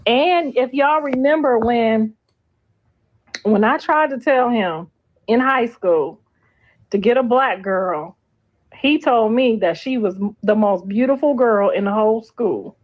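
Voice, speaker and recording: A woman's voice: a little high, takes it slowly, dull audio. A middle-aged woman hosting a casual gossip livestream, blunt, sassy and freely profane. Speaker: host.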